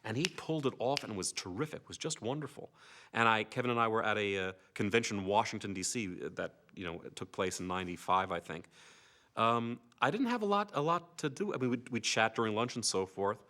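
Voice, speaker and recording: An older actor reminiscing casually about his years on a TV series, an animated storyteller who slips into comic voices. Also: fairly low pitch, brisk.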